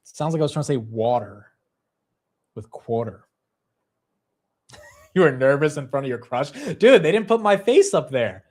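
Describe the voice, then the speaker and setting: A man's voice: fairly high pitch, big pitch swings, darkish tone. A young man hosting a live stock market stream, chatting casually and laughing at himself. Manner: self-deprecating, quick-shifting, laughs at himself.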